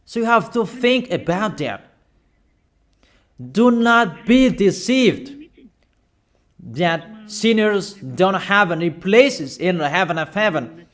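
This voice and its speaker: A man with a fairly high voice delivers a sermon, hammering his points home and repeating them. His English is halting, with fillers and non-native phrasing, and he keeps turning questions on his listeners. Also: lively intonation, a bit bright. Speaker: preacher.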